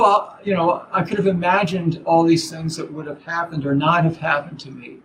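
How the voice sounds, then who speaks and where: A man giving a relaxed dharma talk as a Zen teacher, conversational and full of fillers and asides. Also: high voice, moderate pace, background noise.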